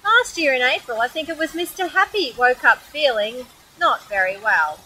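An Australian woman reads a children's picture book aloud outdoors by a waterfall. Her voice is high and bright, and she reads in an animated, expressive way. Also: moderate pace, slight background noise, poor audio. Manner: animated, expressive storybook reading. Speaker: storyteller.

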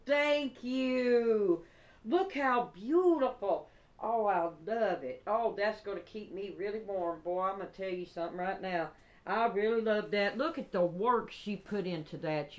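A woman chatting casually while unboxing craft gifts, gushing and excitable with drawn-out exclamations. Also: medium pitch. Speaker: crafting vlogger.

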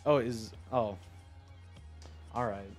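A young man chatting on a live stream, rambling excitedly, swearing and talking to his chat. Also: fairly low pitch, takes it slowly, faint music behind.

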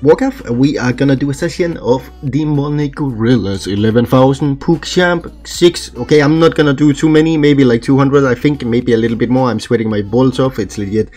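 Excitable swearing gamer man. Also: mid-range voice, a little fast, few pauses. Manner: swears a lot, excitable, complains about bad luck. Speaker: gaming channel host. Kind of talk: casual gameplay commentary. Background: faint background music.

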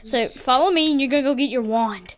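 A woman's voice: sits high, brisk, a little hiss or hum. Rambling woman gamer with a raised voice. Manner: scattered, restarts with many "wait"s. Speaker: gamer guiding a friend. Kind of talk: casual gameplay chat. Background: faint game music.

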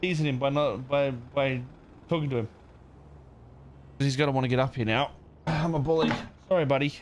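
A man's voice: medium pitch, steady tone, brisk, dull audio, slight background noise. A man live-streaming a roleplay game, chatting casually and using playful baby talk. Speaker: streamer and roleplay server owner.

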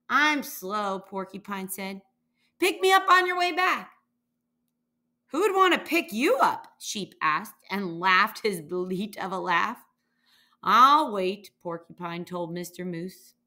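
Slow, lively woman reading a storybook. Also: medium pitch. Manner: lively character voices, slow and expressive. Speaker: reader. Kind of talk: children's picture book read-aloud.

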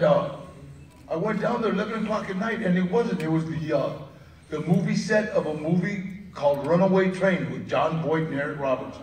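A man interviewed at a movie premiere, telling stories casually, often laughing and acting out the voices of people he quotes. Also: high-pitched. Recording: roomy, distant mic with crowd noise.

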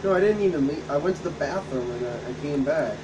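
A man's voice: on the high side, lively intonation, fast talker, darkish tone. A man co-hosting a game stream, telling rambling, profane stories in casual chat. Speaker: co-host of a gaming channel. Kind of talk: casual chat over gameplay. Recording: distant mic with background hum.

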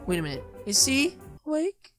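A woman narrating a role-play game, talking to viewers in an animated, excitable way. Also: sits high, normal speed, faint music behind.

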